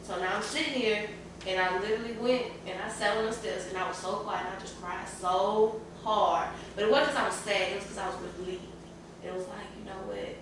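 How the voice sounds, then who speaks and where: A woman's voice: medium pitch, fairly even intonation, brisk. A woman, a parent speaking candidly and emotionally on a podcast panel, close to tears at times. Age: adult parent. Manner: candid, tearful at times, colloquial. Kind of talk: emotional casual panel talk. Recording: echoey room, far from the mic, clear room noise.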